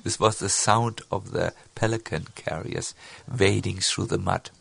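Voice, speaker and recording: A man telling a devotional story in a sermon, halting, with many fillers and restarts. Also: sits low, steady tone, gravelly, a bit bright, husky, no room sound. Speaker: spiritual speaker.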